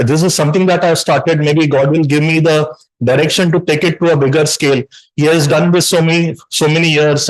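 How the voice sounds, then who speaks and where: A man giving an emotional speech at a community event, earnest and halting, with many fillers and restarts. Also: on the high side, poor audio. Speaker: guest speaker.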